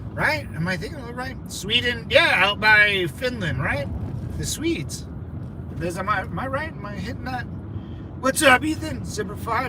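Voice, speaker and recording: Guy rambling on a car livestream, kinda high voice, loud road noise behind him. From California. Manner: rambling, excitable, many fillers and restarts. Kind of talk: rambling livestream chat, reading viewer comments. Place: in a moving vehicle in a city.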